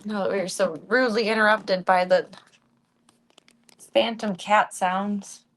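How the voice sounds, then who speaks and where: A woman live-streaming from her home in a loose, chatty way. She keeps up a running conversation with her viewers and drops into a soft, cooing voice for her cats. Her voice sits at an ordinary pitch for a woman. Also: fairly even intonation, a little slow. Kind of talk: casual live-stream chat.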